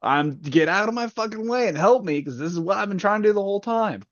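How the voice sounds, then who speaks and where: A man's voice: high-pitched, animated, fast, no echo, voice pushed up. Furious woman leader, as a man puts her on, profane rant. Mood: angry ranting. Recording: dull lo-fi dry sound.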